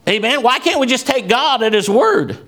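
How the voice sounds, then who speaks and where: A preacher man with a high, bright, ringing voice delivers an impassioned sermon. He quotes scripture and swings between hushed, low passages and shouted, soaring declarations. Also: lively intonation, normal speed. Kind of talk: fervent sermon.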